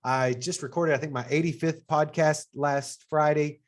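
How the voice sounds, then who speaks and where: A middle-aged assistant dean with a Texas accent hosts an information session, presenting to prospective students. He's upbeat and conversational with a steady tone at a moderate pace, jumping up in pitch to stress his points.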